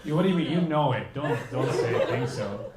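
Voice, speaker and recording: A young man doing stand-up comedy, teasing the crowd in quick banter. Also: fairly high pitch, expressive. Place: comedy club stage. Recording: echoey club with loud audience noise. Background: audience laughter.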